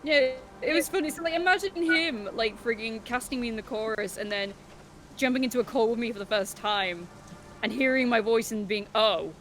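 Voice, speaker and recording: A woman's voice: fairly high pitch, a little fast, fairly bright tone, slight background noise. A British woman chatting casually while playing a game, swearing at it and laughing often. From Britain. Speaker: co-host gaming. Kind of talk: casual gaming chat.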